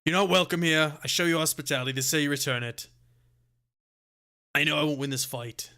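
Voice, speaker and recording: A man voicing a hostile male camp owner who shouts curt orders in a bright voice. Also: a little high, fairly quick. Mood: grudging.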